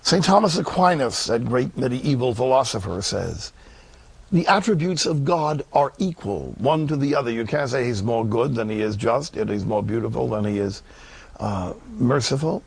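A man preaching a sermon with an animated, emphatic delivery and wide swings in pitch. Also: moderate pace, creaky, breathy edge, no room sound.

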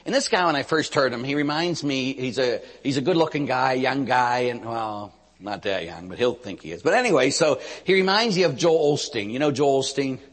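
Animated priest preaching in a reverberant hall. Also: male voice, mid-range voice, a little fast. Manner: animated storytelling, swinging from loud emphasis to hushed. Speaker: Catholic priest. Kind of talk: sermon.

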